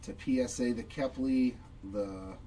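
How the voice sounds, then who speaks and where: A man's voice: mid-range voice, unhurried, far from the mic, heavy background noise. A man hosting a live trading card break, chatting upbeat and reacting to each pull while answering viewers.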